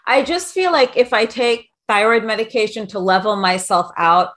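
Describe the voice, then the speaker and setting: A woman's voice: fairly high pitch, moderate pace, a bit bright. A woman from New York City hosting a casual podcast, talking in a brash, rambling, jokey way full of likes. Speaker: podcast host.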